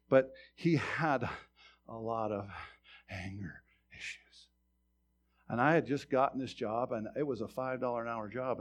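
A man in his fifties preaching a sermon, telling a personal story in a conversational way, often restarting words and swinging from loud preaching to quiet asides. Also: medium pitch, husky. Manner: stammering restarts. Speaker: pastor.

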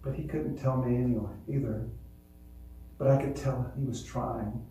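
A man preaching a sermon as pastor, earnest and swelling louder on key points. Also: mid-range voice, fairly even intonation, moderate pace, slight background noise. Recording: echoey hall, voice from far off.

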